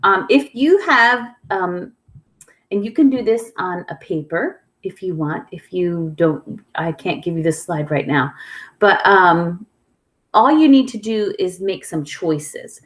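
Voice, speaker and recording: A woman's voice: on the low side, takes it slowly. A woman teaching an online music lesson to young children, speaking patiently and leading call-and-response rhythms. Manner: patient, clear, sing-song call-and-response prompting.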